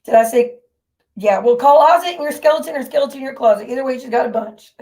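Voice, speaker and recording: A woman's voice: high voice, animated, measured pace, long pauses, darkish tone. Angry, swearing woman ranting on stream. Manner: heated, profane, confrontational. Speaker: livestream host. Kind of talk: angry livestream rant.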